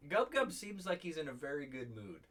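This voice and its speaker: A man's voice: a little high, sing-song, a little fast, a bit bright, far from the mic. A man narrating as game master of a tabletop game, rambling with many "like"s and restarts. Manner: rambling, full of "like" and restarts, laughs often.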